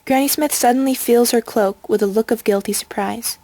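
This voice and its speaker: A woman reading a storybook aloud in an even, measured way. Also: a little high, no echo. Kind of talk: storybook narration.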